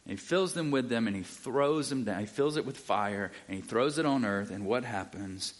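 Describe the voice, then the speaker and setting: A man's voice: medium pitch, fairly bright tone. Casual male Bible teacher. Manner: casual, checks in with listeners; reads scripture aloud. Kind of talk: conversational sermon.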